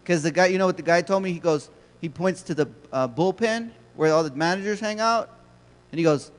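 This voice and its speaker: A man's voice: sits high, fairly quick. A man giving a conversational, storytelling keynote talk to educators, asking the audience questions, heard with a long hall reverb. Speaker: keynote speaker.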